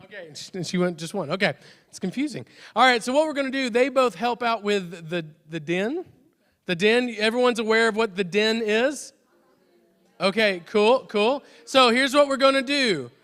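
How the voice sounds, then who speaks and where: A high, bright-voiced man leading a youth service, chatty and prone to restarts. His words ring out with a long reverb from a large church hall. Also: expressive, moderate pace. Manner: chatty, restarts often, jokes self-deprecatingly. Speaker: youth pastor. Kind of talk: youth service announcements and prayer.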